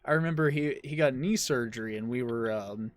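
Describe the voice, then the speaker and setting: A man's voice: mid-range voice, a little fast, no echo. Young male podcast host, loose storyteller, swears a lot. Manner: swears freely, rambling storytelling with laughs. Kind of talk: casual chat.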